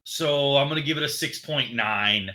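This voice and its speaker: A man co-hosting a movie podcast in joking, animated casual chat. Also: medium pitch, moderate pace. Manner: jokey, animated, laughs at his own bits. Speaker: podcast co-host.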